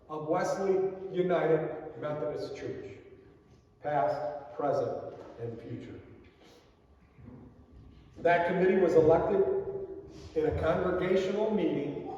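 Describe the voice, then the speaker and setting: A man's voice: sits high, dark tone. A man preaching a sermon as pastor, earnest, with small slips and asides, recorded from a distance in a church sanctuary. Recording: distant, echoey sanctuary, dull sound.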